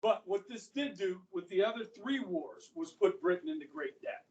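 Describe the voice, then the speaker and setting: Chatty American teacher, echoey classroom. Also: male voice, high-pitched, expressive, normal speed, a little mellow, distant mic, highs cut off. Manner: chatty storytelling with frequent "okay?" check-ins. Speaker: history teacher. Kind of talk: classroom lecture.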